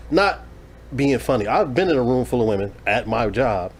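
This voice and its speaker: Man, casual podcast chat, thoughtful, hesitant fillers, mid pitch, faint room noise. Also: expressive, normal speed.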